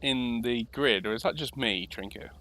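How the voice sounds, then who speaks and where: Bright-voiced chatty man commentating. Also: mid-range voice, normal speed. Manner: chatty, laughs often, self-deprecating. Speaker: sim racing commentator. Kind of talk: casual live commentary banter.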